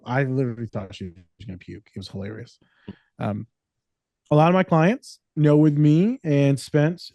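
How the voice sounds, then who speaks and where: Joking, profane man with a mellow voice. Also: mid-range voice, no echo. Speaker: therapist and podcast co-host. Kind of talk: casual podcast chat.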